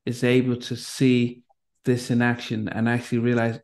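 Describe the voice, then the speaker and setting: An interview host who counsels parents of anxious children, listening with soft "mm"s and laughing along. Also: medium pitch, completely flat delivery, moderate pace.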